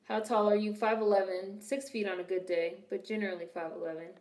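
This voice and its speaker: Recorded in an echoey room, a young Washington, D.C. woman gives casual reactions to a film. She talks fast with flat delivery in a mid-range, a little mellow voice, and she's blunt, full of profane quips.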